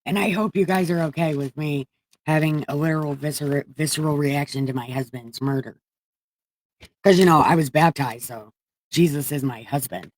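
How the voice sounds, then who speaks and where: A woman's voice: deep voice, moderate pace, a little mellow, poor audio. A woman reading the Bible on a livestream in a comedic, casual way, irreverent and profane, chatting with viewers.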